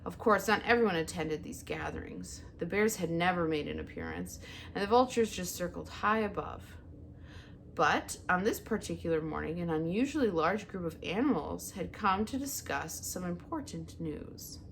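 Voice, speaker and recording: A woman reading a children's novel aloud as narrator, with an expressive, animated delivery. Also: fairly low pitch, normal speed, gravelly, slight background noise. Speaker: audiobook reader. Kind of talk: storybook read-aloud narration.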